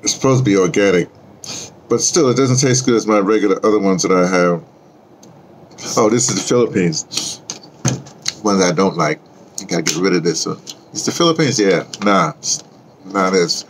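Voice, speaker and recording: Low-voiced man rambling casually. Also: lively intonation, moderate pace, long pauses, slight background noise. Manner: rambling, chatty, sings along to a record. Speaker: vlogger.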